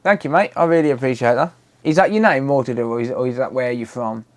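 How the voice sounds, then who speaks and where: A British man, mid-pitched and ordinary in tone, talking loosely to his viewers during a live stream. He reads out their comments and answers them in a relaxed, chatty way, with the odd swear word thrown in. It sounds like he is at home. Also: quick pace. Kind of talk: casual live-stream chat.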